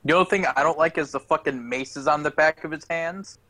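Bright, blunt-talking man. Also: on the high side, fairly quick. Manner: blunt, profane commentary. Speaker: podcast co-host. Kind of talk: casual chat.

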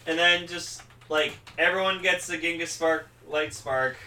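A young man chatting casually on a podcast, excitable and full of fillers, acting out lines as he retells a story. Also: fairly high pitch, a little slow, recorded from a distance, a little hiss or hum. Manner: excitable, lots of fillers, acts out quotes loudly. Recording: echoey room, a little off mic.

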